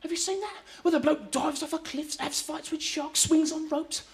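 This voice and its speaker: A stand-up comedian, rambling excitably and laughing at their own jokes on a live TV stage. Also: female voice, sits high, moderate pace. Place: live TV studio with audience. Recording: noisy live studio with loud crowd.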